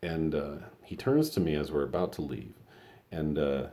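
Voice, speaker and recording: A man's voice: very deep voice, moderate pace, warm tone. A middle-aged man from Colorado telling a story in a casual, rambling way, full of fillers and blunt, profane asides. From Colorado, USA. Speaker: vlog host.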